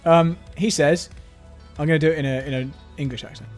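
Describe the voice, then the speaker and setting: Chatty, higher-voiced man reading chat. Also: fairly even intonation, fairly quick, a little mellow. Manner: chatty, joking, reads comments aloud. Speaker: stream host reading chat. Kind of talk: live stream commentary. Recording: intro music behind.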